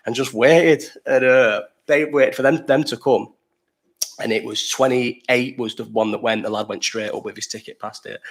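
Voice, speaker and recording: A young man with a Liverpool accent who hosts a casual live chat and tells rambling, sweary stories while reading the chat aloud. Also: mid-range voice. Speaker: livestream host.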